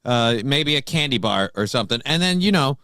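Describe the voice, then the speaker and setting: A man's voice: mid-range voice, expressive, a little fast, pushed and bright, smooth, no room sound, studio quality. A man hosting a morning talk show, chatting casually in a blunt, profane, joking way. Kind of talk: casual chat.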